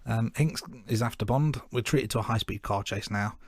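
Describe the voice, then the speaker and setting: Low-voiced man recapping a film. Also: normal speed, no echo, studio quality. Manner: relaxed, self-deprecating recap of scenes. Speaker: podcast co-host. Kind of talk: casual film-review chat.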